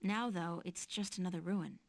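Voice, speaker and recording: A wry young heroine. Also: female voice, lowish voice, moderate pace, creaky, heavy background noise. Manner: dry, wry remarks. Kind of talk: video game voice acting.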